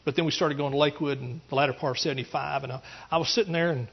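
Husky-voiced Texan preacher man. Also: on the high side, fairly even intonation, very fast, highs cut off. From East Texas. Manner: earnest, rambling with restarts, rising to emphatic preaching. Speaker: pastor. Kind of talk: testimony sermon.

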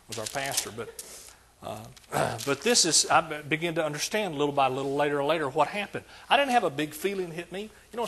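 An older man delivers a sermon with a husky, slightly breathy voice pitched a little above the usual for men. He preaches in an emphatic, repetitive cadence, driving each point home. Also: fairly bright tone. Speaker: pastor.

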